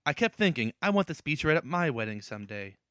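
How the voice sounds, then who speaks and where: A man co-hosting a casual comedy podcast, teasing his partner with quick jokey quips. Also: fairly high pitch, very animated, a bit bright, smooth, no echo. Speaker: podcast co-host.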